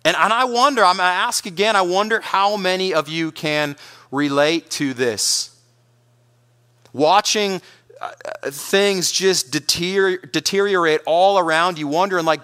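A man preaching a sermon, energetic and emphatic, often repeating words as he pushes his point. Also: high-pitched, a little slow. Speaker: pastor.

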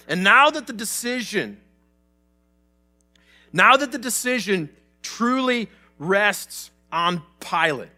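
A man's voice: high voice, sharp tone. A man in his thirties preaching a sermon in a church, retelling the story casually and animatedly with many restarts. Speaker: pastor.

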